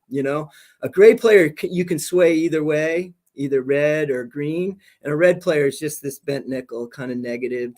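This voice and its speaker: A man's voice: on the high side, darkish tone. A middle-aged man, a school principal, telling stories on a video-call podcast with lots of energy and laughter. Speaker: high school principal, guest. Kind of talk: casual podcast interview storytelling.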